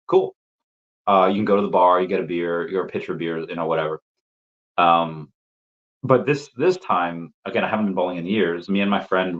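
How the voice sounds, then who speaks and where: A man hosting a casual live stream who reads chat messages aloud, rambles with repeated words and laughs often, and coughs while getting over an illness. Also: low-pitched. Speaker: livestream host answering chat. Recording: dull lo-fi stream audio.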